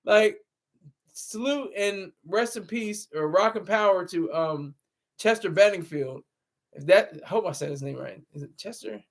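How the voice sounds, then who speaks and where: A man's voice: high-pitched, moderate pace, gravelly. A man hosting a casual livestream, rambling, laughing often and answering his chat through a laptop mic. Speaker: livestream host. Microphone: laptop camera mic.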